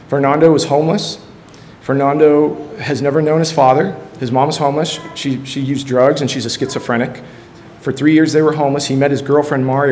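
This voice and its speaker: A middle-aged man shares an earnest testimony from a church, telling stories in a plain, mid-pitched voice. He acts out remembered quotes with sudden bursts of energy. A faint rumble sits under the recording. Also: darkish tone. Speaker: high school football coach and ministry leader.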